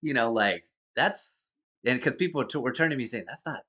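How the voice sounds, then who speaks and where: A man's voice: mid-range voice, fast talker, bright, forceful tone. A man being interviewed as a guest actor, telling an anecdote in a rambling way with many fillers and restarts. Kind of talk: casual interview storytelling.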